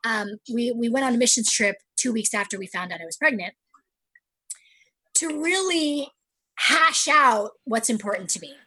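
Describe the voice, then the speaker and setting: Woman, thirties, husky, higher voice; earnest personal talk with lively acted-out quotes. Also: normal speed, rough recording. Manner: earnest, animated, acts out her own quotes.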